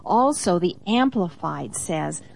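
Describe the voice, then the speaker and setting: A woman's voice: lowish voice, lively intonation, slow pace, vocal fry, a little mellow. Woman reading scripture with emphasis. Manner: reads scripture aloud with emphasis, affirming interjections. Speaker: co-host of a Christian teaching program. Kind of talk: Bible reading and teaching.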